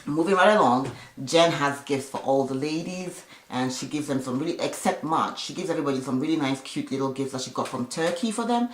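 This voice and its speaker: A woman's voice: deep voice, lively intonation, fairly quick, few pauses, slight background noise. A woman giving a casual, chatty recap of a reality show, with opinionated asides along the way. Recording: echoey room.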